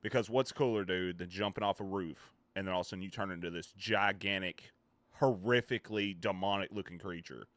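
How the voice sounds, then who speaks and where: A man's voice: sits low, a little fast, fairly bright tone, no echo. A man chatting casually with his viewers on a live stream, joking, rambling and swearing freely.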